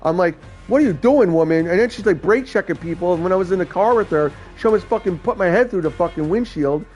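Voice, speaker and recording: A man's voice: sits high, quick pace, soft background music. A man from New York chatting casually, rambling through profane stories. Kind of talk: casual chat.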